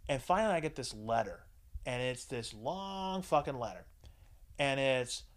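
A man's voice: lively intonation, normal speed, low-quality recording. A man in his forties telling a crude personal story in casual chat, swearing freely. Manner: crude, swears freely, mimics others in higher voices. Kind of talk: casual profane anecdote.

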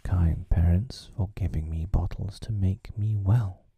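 A man voicing a pompous, self-pitying father in a whispered role-play with a gravelly voice. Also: sits low, steady tone, a little slow, warm tone, no echo, full character voice.

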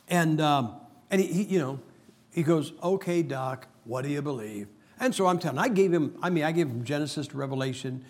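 A man with a medium-pitched, slightly mellow voice preaches a humorous sermon. He tells stories and drives his points home emphatically, mixing in plenty of jokes.

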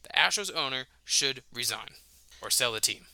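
A man's voice: medium pitch, animated, moderate pace, gravelly, sharp tone, no room sound. A man co-hosting a casual sports podcast, brash and heated, swearing heavily. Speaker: podcast co-host.

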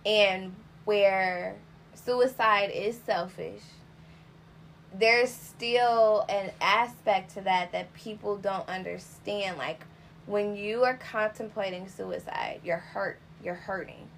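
A woman's voice: medium pitch, takes it slowly, gravelly, a bit bright, a little hiss or hum. A young adult woman in casual podcast chat, speaking earnestly and reflectively in long explaining sentences.

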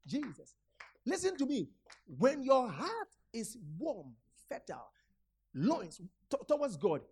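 A woman preaching a sermon, retelling a scripture story and urging her listeners with repeated calls and sudden shouts. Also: a little high, husky. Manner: repetitive, urgent exhortation with sudden shouts.

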